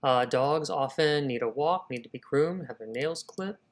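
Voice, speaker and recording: A man's voice: medium pitch, normal speed. A man hosting a live writing session, talking casually and thinking aloud to his viewers. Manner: energetic, thinking aloud, addressing viewers as y'all. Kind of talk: casual livestream talk.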